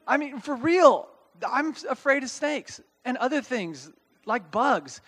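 A man with a notably high speaking voice delivers a casual, animated sermon. He reads scripture, then breaks it down in everyday language and often pauses to ask his listeners "okay?". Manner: reads scripture aloud, then explains it plainly. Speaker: pastor. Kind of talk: conversational sermon.

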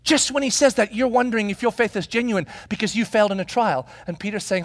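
A man with a high voice preaches a sermon. He tells the story with animation, asks the listeners rhetorical questions and acts out the quoted lines. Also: fast talker. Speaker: pastor.

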